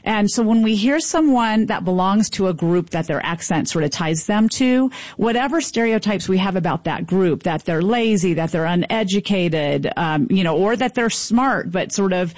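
A woman's voice: mid-range voice, lively intonation, moderate pace, few pauses, darkish tone, no room sound. A woman professor being interviewed on radio, explaining fluently. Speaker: linguistics professor guest.

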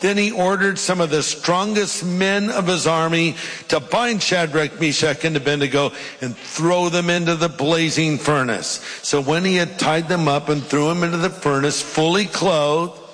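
A man's voice: on the high side, moderate pace, fairly bright tone. A middle-aged man, a pastor, preaching a sermon and reading scripture aloud with emphatic, dramatic delivery. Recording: long reverb of a large hall.

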